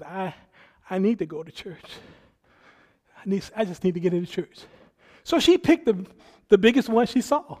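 This pastor's voice is extremely high-pitched as he preaches, shifting from hushed side comments to booming proclamation. He also mimics other people, voicing their quotes in character.

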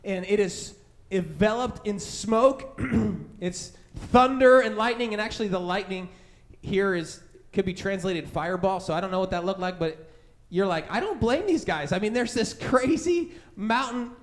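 A man's voice: sits high, moderate pace, few pauses. A man preaching a sermon in a conversational way, telling a childhood story and acting out the voices of scared people. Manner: conversational, many fillers like "right?" and "like". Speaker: pastor.

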